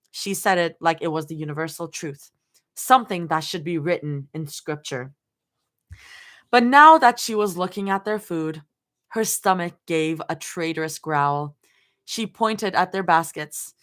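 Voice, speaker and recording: A woman's voice: fairly low pitch, measured pace, a bit bright. A woman reading fan fiction aloud on a livestream, stopping often to laugh and chat with viewers. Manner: giggly, laughs often between lines. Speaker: fanfiction reader on a livestream. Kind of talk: live story reading with chat reactions.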